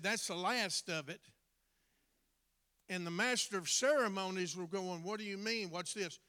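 A middle-aged man preaching a storytelling sermon, folksy and colloquial, building to loud emphatic bursts. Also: high voice, moderate pace. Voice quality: folksy, drawling, colloquial grammar. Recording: long hall reverb.

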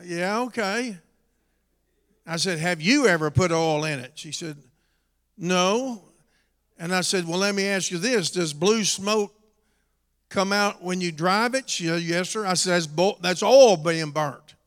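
A middle-aged man preaching a storytelling sermon in a church, dropping to a quiet telling voice and rising to shouts. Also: high voice, measured pace. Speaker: pastor. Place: church hall. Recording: long hall reverb.

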